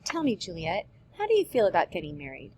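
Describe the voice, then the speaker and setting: A woman's voice: on the low side, wildly swooping pitch, fast talker, dark tone, slight background noise, rough recording. A woman voicing a firm, matter-of-fact noble mother, reading a play aloud. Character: noble middle-aged mother, firm and businesslike.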